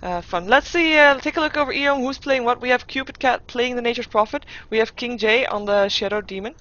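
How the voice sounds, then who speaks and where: A woman's voice: fairly high pitch, brisk, a bit bright. A woman giving live game commentary as caster, thinking aloud with playful asides and frequent restarts. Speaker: esports caster. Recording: dull lo-fi recording.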